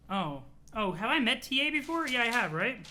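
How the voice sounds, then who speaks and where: Chatty streamer with a bright voice. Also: mid-range voice. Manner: chatty, laughs often, swears casually. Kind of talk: live-streamed read-along with chat.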